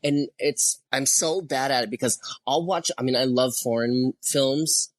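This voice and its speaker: A man's voice: medium pitch, a little slow. A young adult man, a podcast guest, talking candidly and swearing casually in easy conversation. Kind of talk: casual chat.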